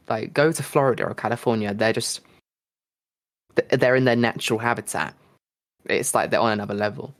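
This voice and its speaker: A man from the United Kingdom hosting a podcast, chatting casually in quick rambling bursts with lots of fillers. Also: medium pitch. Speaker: podcast host. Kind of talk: casual chat.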